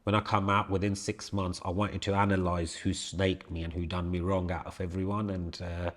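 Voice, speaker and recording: A man's voice: low voice, level tone, moderate pace. A man, co-hosting a podcast and telling stories in a casual, blunt way, swearing freely and hammering his points with repetition. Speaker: podcast co-host. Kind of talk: casual storytelling chat.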